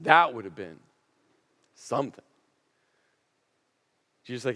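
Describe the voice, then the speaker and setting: Emphatic preacher in a reverberant hall. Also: male voice, a little high, animated, a bit bright. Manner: storytelling, emphatic, with dramatic pauses and repetition. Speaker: pastor. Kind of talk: sermon. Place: church auditorium.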